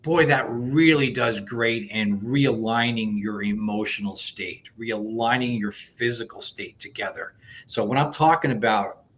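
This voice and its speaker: A man being interviewed as a coach, explaining a technique step by step in an animated way, with frequent restarts. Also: mid-range voice, a little slow. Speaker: guest coach. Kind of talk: conversational interview.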